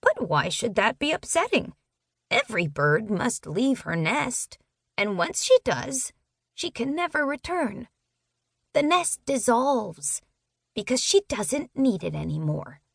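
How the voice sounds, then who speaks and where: A woman narrator voicing a wise talking purple bird in an audiobook, with a squeaky, slow and gentle voice. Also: big pitch swings, creaky, breathy edge, no echo, clean studio sound, full character voice. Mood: gently wise.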